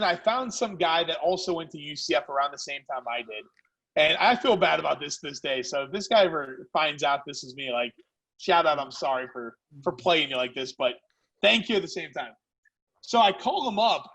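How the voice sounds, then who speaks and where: A man who founded a food company, a podcast guest telling animated stories in casual chat. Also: on the high side, brisk, gravelly, highs cut off. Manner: animated, lively storyteller. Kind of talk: casual storytelling.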